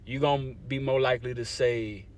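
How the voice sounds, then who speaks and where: His medium-pitched voice is a little mellow, with fairly even intonation and a normal speed. The speaker, a young adult language advocate from Louisiana, chats to camera conversationally, explaining as he goes and often checking in with a repeated "you see what I'm saying."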